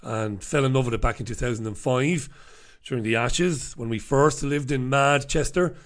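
An Irish man with a mid-range voice hosts a casual live stream from a small studio at a moderate pace, chatting with viewers into a desk microphone while rambling and poking fun at himself.

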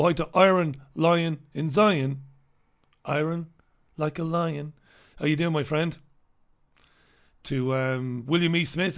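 A middle-aged man hosting a casual live stream, chatting and joking as he greets viewers by name. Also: fairly high pitch. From Ireland.

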